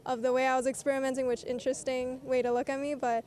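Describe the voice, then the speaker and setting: A woman's voice: sits high, flat delivery, fast talker, a little mellow. A young woman from South Africa with an American accent, chatting casually in a street interview and filling her talk with "like". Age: young adult. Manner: chatty, frequent "like" fillers, laughs while talking. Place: outdoors in a city.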